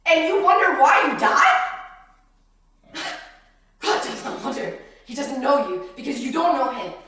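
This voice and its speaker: Woman preaching, swings from loud to hushed, laughs a lot, very lively pitch. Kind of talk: preaching religious talk. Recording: roomy, far from the mic.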